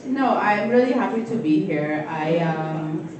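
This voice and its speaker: Slow-talking woman comic in echoey venue. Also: lowish voice, animated, recorded from a distance. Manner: teasing, playful, giggly. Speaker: stand-up comedian. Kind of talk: stand-up comedy set. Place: live comedy event stage. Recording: echoey venue miked from afar with crowd.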